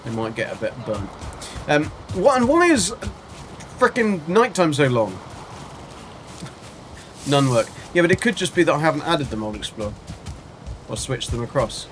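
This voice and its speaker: A man's voice: a little high, sing-song, normal speed, long pauses, faint music behind. A man chatting casually while livestreaming a game, rambling and answering his chat as he plays. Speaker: game streamer. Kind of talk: casual live gameplay chat.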